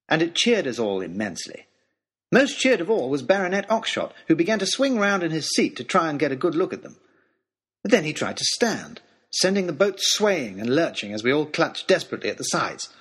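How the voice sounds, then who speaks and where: A man telling a storybook adventure in the first person, reading with expressive, dramatic delivery. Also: fairly high pitch, breathy edge. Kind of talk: scripted first-person narration.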